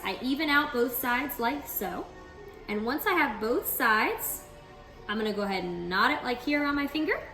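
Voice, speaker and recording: A woman's voice: on the high side, a bit bright. A woman training store staff, demonstrating step by step in an upbeat, instructive way and often checking in with her listeners.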